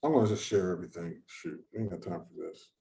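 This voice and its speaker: Mellow-voiced man moderating a video call. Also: low-pitched, quick pace, vocal fry, a little hiss or hum. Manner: informal, chatty, thinking aloud. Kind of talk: hosting an online research session.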